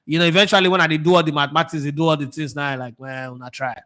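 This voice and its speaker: A Nigerian man with a Nigerian accent hosts a casual football talk show. His voice sits a little high, and he swings in and out of Pidgin with lively, laughing energy. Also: racing. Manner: animated, mixes Pidgin with English, laughs often. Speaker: sports show host.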